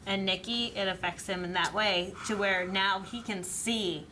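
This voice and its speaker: A woman co-hosting a casual reaction chat, thoughtful and measured, laughing easily. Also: medium pitch, fairly even intonation, sharp tone, a little hiss or hum, rough recording. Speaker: co-host reacting to a TV episode.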